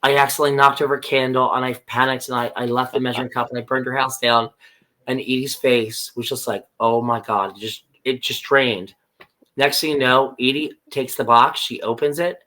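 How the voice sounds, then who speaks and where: A man's voice: mid-range voice, fairly quick. A man co-hosting a podcast, casually retelling TV scenes and acting out the characters' lines as he goes. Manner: animated storyteller who acts out characters' lines. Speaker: podcast co-host. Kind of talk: casual chat recapping a TV episode.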